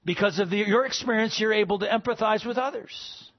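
Guy pastor preaching a sermon, pretty high voice, calls out to the crowd, kinda muffled recording. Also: a little fast. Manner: preaching with call-and-response asides.

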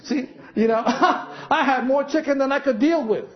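A man's voice: very high voice, normal speed, dull audio. A man preaching a sermon, telling stories with acted-out quotes and chuckling as he goes. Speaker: pastor.

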